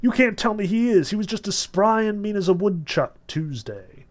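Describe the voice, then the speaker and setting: A man's voice: high-pitched, lively intonation, moderate pace, voice pushed up. A man reading aloud as a stubborn old rural farmer, blunt and folksy. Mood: insistent.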